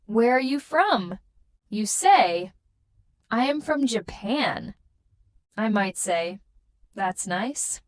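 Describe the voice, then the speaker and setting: Slow, lively-voiced woman teaching English. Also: fairly high pitch, no room sound. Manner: slow, clear, encouraging delivery. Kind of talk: beginner English lesson.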